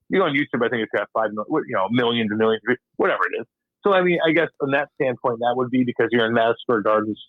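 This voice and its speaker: A man's voice: lowish voice, no room sound, phone-quality sound. A man, a former hockey enforcer, chatting as a guest with blunt, profane talk and frequent laughs while acting out old exchanges. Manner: blunt, swearing often, laughing, acting out quotes. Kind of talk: casual profane interview chat.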